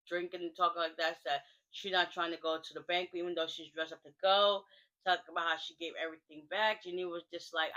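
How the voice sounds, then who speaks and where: A woman's voice: fairly low pitch, pushed and bright, low-quality recording. A woman giving a casual spoken recap of a TV episode in a chatty, slangy way, full of fillers. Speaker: TV recap vlogger.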